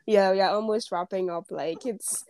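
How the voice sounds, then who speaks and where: A woman's voice: medium pitch, steady tone, normal speed, warm tone, dry recording. A young woman hosting a casual faith conversation, laughing often and repeating words as she talks. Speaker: podcast host. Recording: faint background noise.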